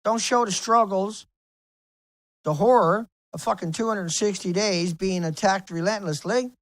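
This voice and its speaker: A man's voice: high voice, measured pace, no room sound, low-quality recording. A man ranting to camera in an angry vlog, heated and profane, repeating himself. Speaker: video blogger.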